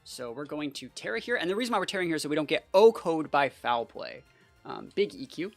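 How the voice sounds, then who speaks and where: A young adult giving casual, excitable live gameplay commentary as a channel host, full of "like" and "bro". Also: mid-range voice, a little fast, faint music behind. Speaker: competitive battle player and channel host.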